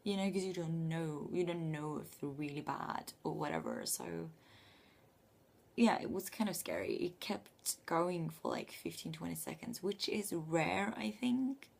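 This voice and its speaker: A young woman telling a story late at night from her bedroom, speaking in a hushed half-whisper and swearing freely. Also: lowish voice, animated, measured pace, creaky. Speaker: vlogger living abroad.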